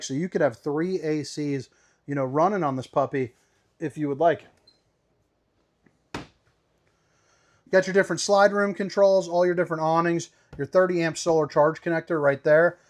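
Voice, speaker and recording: A man's voice: fairly high pitch, steady tone, moderate pace. A man hosting a casual walkthrough tour inside a travel trailer, upbeat and playful with slangy asides. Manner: upbeat, playful, slangy, calls viewers baby. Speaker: RV tour host.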